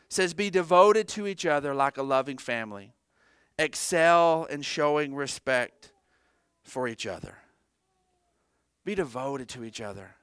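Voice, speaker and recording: Male pastor, middle-aged, clear and smooth, animated sermon delivery with jokes. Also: a little high, dry recording, studio quality. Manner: animated, joking asides to the congregation. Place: church sanctuary.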